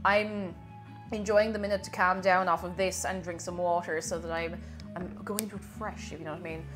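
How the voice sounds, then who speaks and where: A woman, chatting casually on a live stream and reading her chat aloud with animated exclamations. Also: fairly low pitch, fairly quick, over music.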